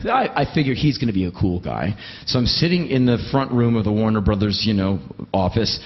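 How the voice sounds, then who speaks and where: A man's voice: on the low side, lively intonation, brisk, lo-fi sound. A man doing live comic storytelling, wry and emphatic, swearing freely. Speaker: spoken word storyteller.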